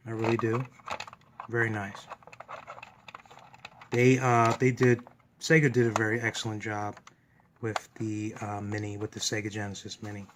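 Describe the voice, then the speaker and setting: A man of medium pitch runs a gaming channel, gushing with enthusiasm through a casual unboxing at home, with background noise audible.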